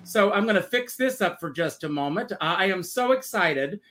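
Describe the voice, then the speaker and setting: A man's voice: sits high, animated, moderate pace, fairly bright tone, faint music behind. A middle-aged man from South Carolina hosting a casual show over a video call, upbeat and effusive with frequent fillers. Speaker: host.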